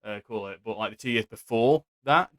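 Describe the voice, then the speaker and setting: A man's voice: lowish voice, brisk, a bit bright, dry recording. A young British man hosting a casual podcast chat, talking in chatty, giggly bursts with stammering restarts. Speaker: podcast host. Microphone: home microphone, strict settings.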